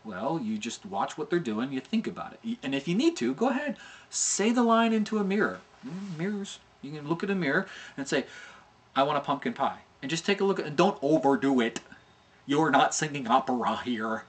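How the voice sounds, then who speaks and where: A middle-aged man talks through an animation lesson in a loose, conversational way. His pitch moves a lot as he explains, and he keeps checking in with "okay?" while sounding out syllables to show mouth shapes. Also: very animated, fairly quick. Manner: chatty, repeats "okay?" often, demonstrates mouth sounds. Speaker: animation instructor. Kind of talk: casual tutorial talk.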